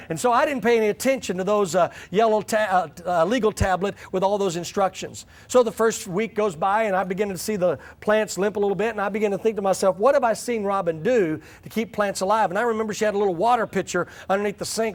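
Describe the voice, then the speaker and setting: Brief: middle-aged man with a high voice, folksy joking teller of anecdotes in a talk to church leaders. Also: fast, few pauses. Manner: folksy, humorous storyteller. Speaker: church growth speaker.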